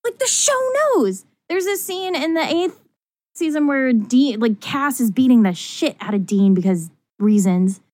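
A woman chatting casually on a podcast, excited and laughing often, her voice climbing high as she gets worked up. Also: unhurried, no room sound. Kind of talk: casual chat.

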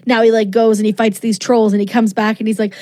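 A woman's voice: fairly high pitch, little pitch movement, quick pace, darkish tone. A woman co-hosting a podcast in casual chat, gushing and emotional, acting out quotes as she goes. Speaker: podcast co-host.

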